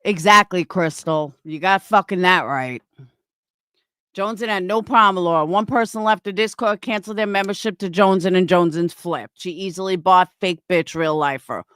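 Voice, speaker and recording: A woman's voice: on the low side, normal speed, a bit bright, clean tone, no echo. A woman hosting a livestream, ranting angrily and swearing constantly as she answers her chat, often repeating herself. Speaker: livestream host reading chat. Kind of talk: angry livestream rant.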